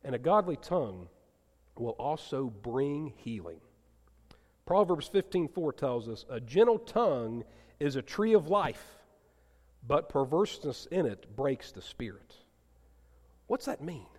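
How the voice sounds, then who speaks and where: A male pastor delivering a sermon in a church, asking the congregation questions and dropping to soft, gentle tones for emphasis. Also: medium pitch, sing-song, unhurried, long pauses. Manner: asks the congregation questions and teases a listener. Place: church sanctuary. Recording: long hall reverb.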